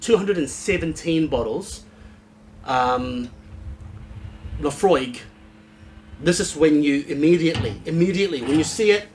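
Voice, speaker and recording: A man's voice: a little high, lively intonation, a little slow, long pauses, a little hiss or hum. A man hosting a casual, unscripted whisky review, rambling and blunt, swearing freely.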